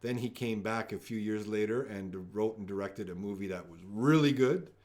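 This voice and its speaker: A man's voice: fairly low pitch, moderate pace, a little mellow. A man hosting a live-streamed trivia game from home, joking around as he reads each question twice. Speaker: trivia host.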